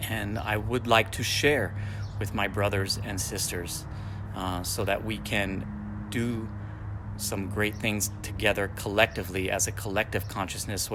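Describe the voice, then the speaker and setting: Low-voiced man giving spiritual teaching. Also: noisy background. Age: 40s. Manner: repetitive, affirmation-like phrasing.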